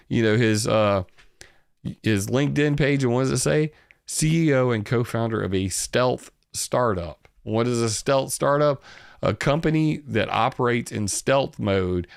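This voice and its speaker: A man's voice: lowish voice, creaky, smooth, no room sound, studio quality. A man with a Southern US accent, hosting his own channel and giving rambling, sarcastic commentary, swearing freely. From Southern United States. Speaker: channel host. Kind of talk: casual commentary on news.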